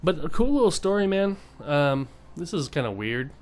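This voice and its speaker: A man's voice: fairly high pitch, sing-song, moderate pace. A young man talking casually and earnestly to his viewers, rambling with many fillers and restarts. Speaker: vlogger. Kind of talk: casual motivational monologue.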